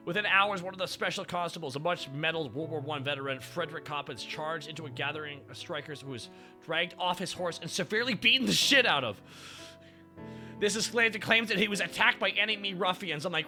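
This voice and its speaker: Young man, streamer, driving, reading history aloud, sarcastic, swears a lot, higher voice, faint music behind. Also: quick pace. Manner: animated, profane, sarcastic asides. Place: in a car while driving.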